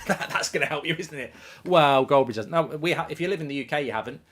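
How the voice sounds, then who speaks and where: A middle-aged man hosting a live football watchalong, chatting casually and reading out viewer comments, with loud bursts of excitement. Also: fairly high pitch, brisk.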